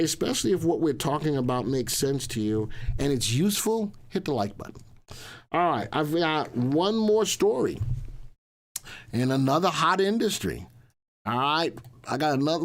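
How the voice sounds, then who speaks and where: A man hosting a live stock market show, chatty and repetitive, often restating lines as he talks through the news. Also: a little high. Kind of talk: casual livestream market commentary.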